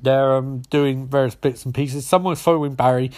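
A man's voice: medium pitch, fairly even intonation, moderate pace, a little mellow. A man recapping a TV episode in a casual, rambling way, with sarcastic asides and swearing. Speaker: show recapper.

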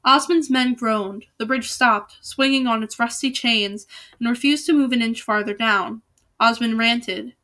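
A woman's voice: a little high, a little slow, sharp tone. A woman reading a novel aloud in a casual way, with small slips and restarts. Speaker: reader.

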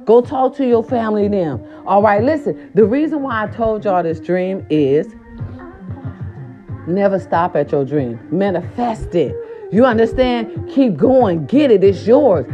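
A woman vlogger telling a story and then giving a pep talk, animated and profane, slipping into quoted voices. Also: mid-range voice, measured pace. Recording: dull lo-fi recording with faint music.

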